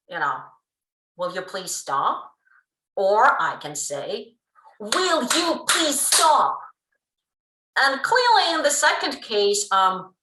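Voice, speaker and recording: A woman giving a pre-recorded linguistics lecture, explaining in a lively way with frequent ums. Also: medium pitch. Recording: roomy room sound.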